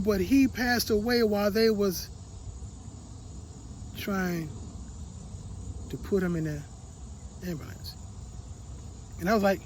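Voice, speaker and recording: A man giving a motivational talk, telling a personal story with emotion, repeating words and dropping to a quiet voice. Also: high voice, slow pace, long pauses, a little hiss or hum, rough recording. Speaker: motivational speaker.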